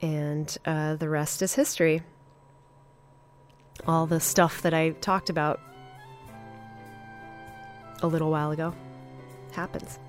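A woman hosting a podcast, reviewing an episode in a casual, enthusiastic way with many fillers and pauses. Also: sits low, little pitch movement, soft background music. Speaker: podcast host.

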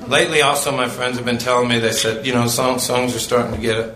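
Singer guy chatting to the crowd, pretty flat voice, echoey room, people laughing. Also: mid-range voice, fast talker. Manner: plainspoken, laughing, sincere. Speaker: singer talking to audience. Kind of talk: live stage banter. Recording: live show, echoey with crowd.

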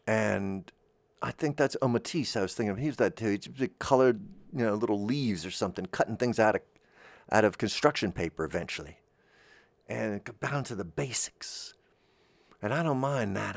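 Soft-spoken rambling man, dry close mic. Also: lowish voice, no room sound. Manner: meandering, searching for words, soft-spoken. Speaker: host. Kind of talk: rambling gentle monologue.

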